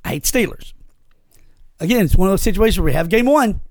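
A man's voice: high voice, fast, dry recording. A man co-hosting a podcast, telling a story in casual chat with lots of swearing. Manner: animated storytelling, heavy swearing. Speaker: podcast co-host.

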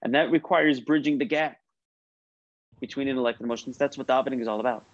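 A rabbi talks fast at medium pitch while teaching a class, delivering a casual religious lesson through stories, with many restarts and questions for his audience. No room sound is audible, but the recording is slightly muffled with faint noise.

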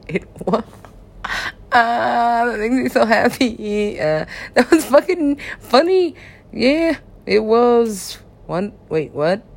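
A woman in a loose, meandering monologue, unhurried and drawn out. She giggles often and swears casually as she drifts between thoughts. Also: mid-range voice.

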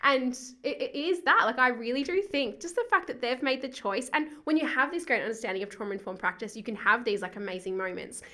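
Bubbly Australian woman, bright lively voice. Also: a little high, a little fast, few pauses. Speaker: school co-principal, podcast guest. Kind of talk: podcast interview.

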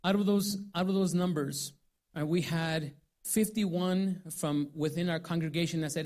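A pastor giving lively, upbeat church announcements and hyping the congregation. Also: male voice, a little high, normal speed.

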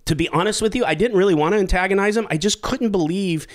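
A man's voice: high-pitched, quick pace. A man hosting a podcast, telling a story in casual chat with lots of swearing and laughter. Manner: animated, swearing, laughs at his own story. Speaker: podcast host.

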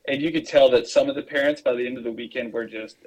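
An easygoing man chatting on a podcast in a middle-pitched voice. He rambles through his stories with lots of fillers and restarts, and he keeps the tone casual. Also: steady tone, fast, a little mellow, rough recording. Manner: rambling, filler-heavy storytelling. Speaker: podcast co-host.

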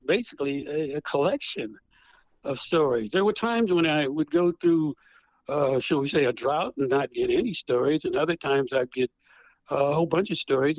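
Animated older man telling stories by phone. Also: a little high, dry recording, low-quality recording. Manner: animated, acts out voices in his stories. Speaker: guest author, retired prosecutor. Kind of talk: storytelling interview. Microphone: phone handset.

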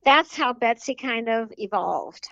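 A woman's voice: fairly high pitch, lively intonation, measured pace, gravelly, pushed and bright, dull audio. A woman who writes children's books, talking chattily in an interview, rambling with fillers and little laughs. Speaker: children's book author. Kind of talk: casual interview talk.

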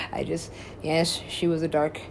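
A woman's voice: deep voice, completely flat delivery, slow pace, gravelly, a little hiss or hum. A woman, a musician and DJ, telling a rambling personal story in casual talk, swearing freely and laughing often.

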